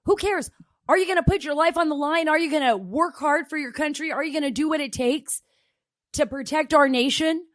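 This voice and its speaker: A woman's voice: high-pitched, a little fast, fairly bright tone, no echo, studio quality. A middle-aged woman hosting a political talk show, emphatic and exclamatory, firing off rhetorical questions.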